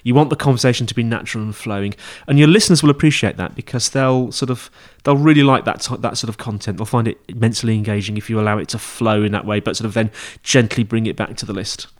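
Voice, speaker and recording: A man's voice: on the low side, steady tone, quick pace, hardly any pauses. Male podcast host, casual teaching monologue, rambling and self-correcting. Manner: chatty, rambling, with frequent fillers and self-corrections.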